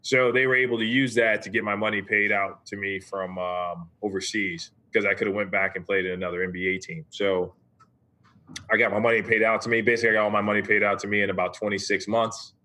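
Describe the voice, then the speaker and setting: A man's voice: lowish voice, little pitch movement, quick pace, bright, forceful tone. A man in his forties, a former basketball player, telling his story as a podcast guest in an easygoing way, often checking in with "right?". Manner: easygoing, tags points with "right?". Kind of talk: casual interview storytelling.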